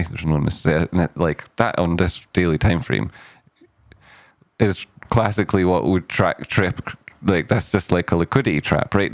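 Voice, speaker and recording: A man's voice: low voice, dry recording, clean studio sound. A man hosting a casual live stock chart analysis, rambling and jokey, cutting himself off mid-sentence. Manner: rambling, self-interrupting, jokey asides.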